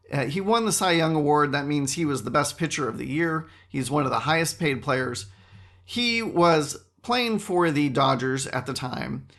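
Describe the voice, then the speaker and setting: A man's voice: fairly high pitch, fairly bright tone. A man hosting a solo podcast, chatting in a wry, rambling way with frequent asides. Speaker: podcast host.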